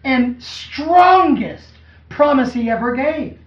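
A man with an extremely high, lively voice preaches slowly to a congregation in a church hall, often posing questions that draw answers back in call-and-response style. The recording sounds echoey, dull and distant.

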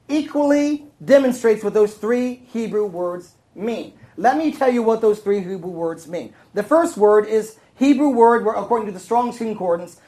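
A woman's voice: medium pitch, a little mellow, rough recording. Woman teaching a Bible lesson to a room. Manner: conversational, asks the room questions. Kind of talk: sermon.

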